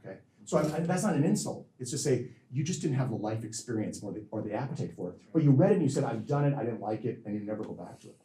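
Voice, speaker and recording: A physician answering audience questions after a lecture, talking in long, rambling stretches that stop, restart and repeat words. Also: male voice, medium pitch, expressive, rapid-fire, dark tone. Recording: echoey hall from far off.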